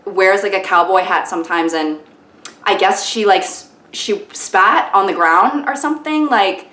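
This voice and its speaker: A woman's voice: mid-range voice, unhurried, fairly bright tone. Chatty young woman vlogging, roomy echo. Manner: chatty, self-mocking, lots of "like". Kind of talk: casual vlog chat to camera. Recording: echoey room.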